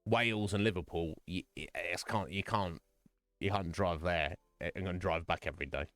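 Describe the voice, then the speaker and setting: A man hosts a live stream in a low-pitched, slightly bright voice at normal speed, with no room sound. He rambles and jokes casually, addressing viewers in chat by name.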